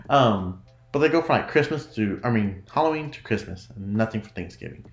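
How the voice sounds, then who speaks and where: A chatty podcast host from the United States talks in a loose, rambling way, often trailing off mid-thought and breaking into giggles. The pitch sits in a middle register but swings up and down with animated energy. The voice carries a noticeable room echo. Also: moderate pace. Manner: rambling, giggly, self-interrupting. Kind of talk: casual solo podcast chat.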